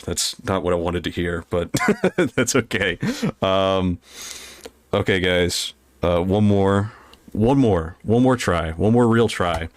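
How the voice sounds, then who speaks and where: A man's voice: low voice, takes it slowly, no room sound. A man hosting a podcast in casual chat, nervous, giggly and self-deprecating. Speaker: podcast host.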